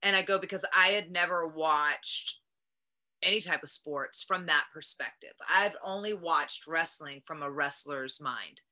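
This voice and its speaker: A woman's voice with a bright, forward ring and a slightly low pitch. She is middle-aged and talks casually and animatedly, peppering her stories with "like". She slips into quoting her past self as she goes. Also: unhurried. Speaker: wrestler and guest. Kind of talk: casual interview storytelling.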